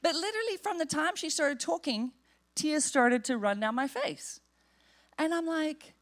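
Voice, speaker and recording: A woman pastor with a slightly high voice, preaching from a church stage. She tells a personal story with humor and lively energy, speaking into a stage microphone. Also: a little fast. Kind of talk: storytelling sermon. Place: church sanctuary.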